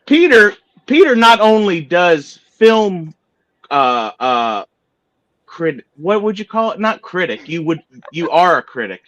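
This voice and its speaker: A man's voice: high-pitched, big pitch swings, slow pace, a bit bright, rough recording. A man from the southern United States, teasing and joking crudely in casual livestream chat. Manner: joking, teasing, swears freely.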